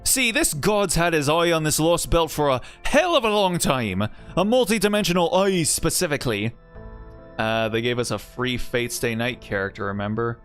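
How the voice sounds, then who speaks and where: A man's voice: fairly high pitch, lively intonation, normal speed, fairly bright tone, clean tone, faint music behind. A man streaming a game. He rambles casually, swears freely and often breaks off his own sentences. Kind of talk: casual gaming stream commentary.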